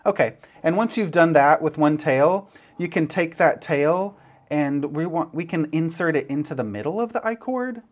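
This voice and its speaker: A man's voice: a little high, lively intonation, moderate pace. Chatty man teaching a knitting technique. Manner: chatty, playful, demonstrating as he goes. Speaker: knitting instructor. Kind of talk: step-by-step craft tutorial.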